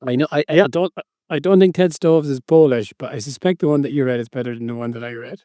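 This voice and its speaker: A man's voice: mid-range voice, fast talker, dark tone, dry recording, clean studio sound. A man co-hosting a podcast in casual chat, sheepish and dryly self-deprecating. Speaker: podcast co-host.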